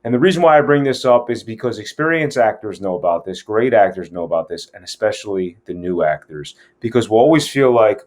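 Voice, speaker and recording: A man's voice: on the low side, lively intonation, fairly quick, hardly any pauses, a little mellow. A man giving a casual scene-breakdown lesson as an acting coach, speaking frankly and with plenty of profanity.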